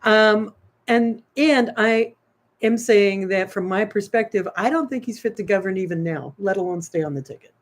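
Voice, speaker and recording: A woman's voice: mid-range voice, normal speed. Emphatic woman making her point. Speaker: co-host of political talk show. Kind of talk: casual political debate.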